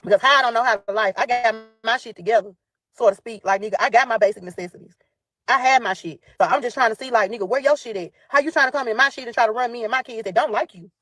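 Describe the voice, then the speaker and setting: A woman's voice: fairly high pitch, very fast, a bit bright, no echo. Memphis lady going off about her ex, cussing a lot, dry close sound. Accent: Southern US (Memphis). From Memphis, USA. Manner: heated, profane, addresses listeners as y'all. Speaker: storyteller telling about her ex. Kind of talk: angry venting monologue.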